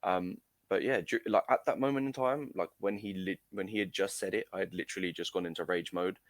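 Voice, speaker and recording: A man's voice: deep voice, fairly even intonation, fairly quick, dry recording. A young man telling a story in an interview, hesitant, with many fillers and restarts. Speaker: amateur footballer guest. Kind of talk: casual recounting in an interview.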